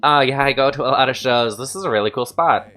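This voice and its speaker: A woman's voice: a bass voice, quick pace, a bit bright. A woman reading the lines of a laid-back, friendly tattooed man in a dating game, in near her own voice. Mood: easygoing.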